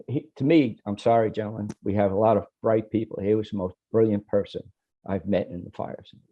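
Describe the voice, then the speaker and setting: A man on a video call panel, haltingly recalling a late friend with many restarts. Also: on the low side, warm tone, no echo, muffled recording.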